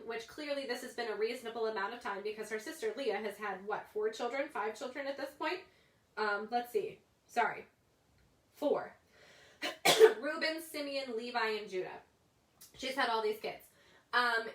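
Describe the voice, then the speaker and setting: Chatty woman Bible study leader, higher voice, roomy echo. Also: fairly bright tone. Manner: chatty, many fillers and asides. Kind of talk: casual Bible study talk. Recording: echoey room.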